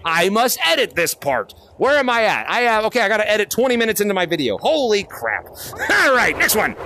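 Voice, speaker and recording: A man hosting a live-streamed VR game chat, excitable, calling out names and laughing often, on a headset mic. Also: high-pitched, noisy background. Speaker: gaming streamer and host.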